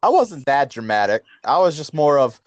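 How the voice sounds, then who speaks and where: A man's voice: a little high, big pitch swings, moderate pace, no room sound, lo-fi sound. A man co-hosting a casual chat podcast. He rambles, mocks himself and laughs easily. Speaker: podcast co-host.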